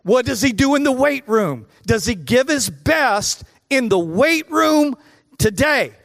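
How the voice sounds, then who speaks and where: A man's voice: very high voice, very animated, takes it slowly, vocal fry, a bit bright, no echo, studio quality, in a large hall. A man preaching a sermon as pastor, emphatic and repetitive, with joking asides to the congregation. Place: church.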